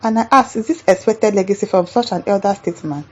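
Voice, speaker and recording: A woman's voice: mid-range voice, fast, darkish tone, highs cut off. A woman with a Nigerian accent hosting a commentary show, reacting to viewer comments in an exasperated, indignant rant.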